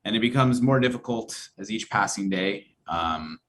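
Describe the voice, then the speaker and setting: A man's voice: lowish voice, moderate pace, fairly bright tone. A man around thirty, a band member being interviewed, who explains things at length in an earnest, reflective way. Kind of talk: conversational interview.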